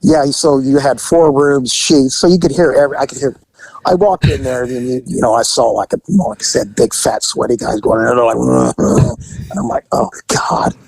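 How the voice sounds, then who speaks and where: Casting: a gravelly-voiced man in dry close-mic sound, with a lively swooping delivery and loose, profane storytelling. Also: medium pitch, fairly quick, dry recording, low-quality recording. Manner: animated, laughing, profane, acts out voices. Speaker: storyteller recounting undercover work. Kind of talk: casual conversational storytelling.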